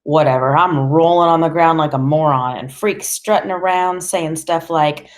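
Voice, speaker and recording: A woman narrating an audiobook in the first person, with a deadpan, wry delivery. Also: sits low, moderate pace, few pauses.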